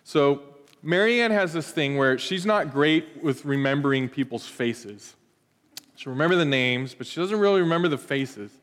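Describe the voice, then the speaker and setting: Man, thirties, pastor, sermon, animated storytelling, slightly high voice, long hall reverb. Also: normal speed. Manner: animated storytelling with playful asides.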